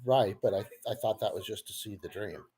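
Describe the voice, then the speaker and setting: A man's voice: lowish voice, a little fast, dark tone, slightly rough. A man playing in a tabletop game, joking and mocking himself. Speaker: player. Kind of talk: casual game banter.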